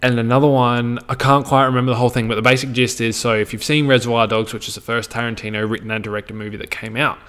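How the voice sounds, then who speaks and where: A man's voice: mid-range voice, flat delivery, fast, hardly any pauses, fairly bright tone, smooth. A young Australian man talking straight to camera in a loose, rambling monologue, swearing freely and often trailing off mid-thought. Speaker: vlogger.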